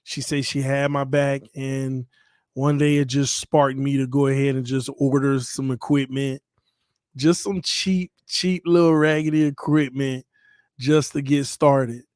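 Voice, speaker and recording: A man's voice: mid-range voice, fairly even intonation, a little slow, a little mellow, smooth, dry recording. Dry-sounding heartfelt man hosting a live stream. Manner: heartfelt, talkative, playful. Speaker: channel host. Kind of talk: casual live stream chat.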